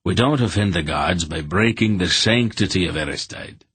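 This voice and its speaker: A man's voice: sits low, animated, normal speed, a little hiss or hum. A man voicing a stubborn, pious farmer who speaks firmly and courteously. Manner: firm, quiet, courteous.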